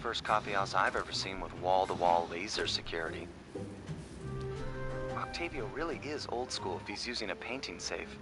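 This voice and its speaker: An actor voicing a cool, confident male raccoon master thief in a video game, speaking in a smooth, self-assured way. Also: low-pitched, moderate pace, lightly acted. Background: game music.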